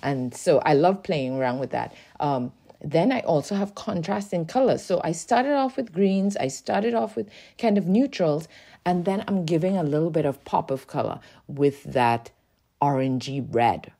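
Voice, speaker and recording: A woman talking casually through her art journal process, explaining it in a relaxed way with frequent "um" and "like". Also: deep voice, moderate pace, creaky. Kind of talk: casual art tutorial narration.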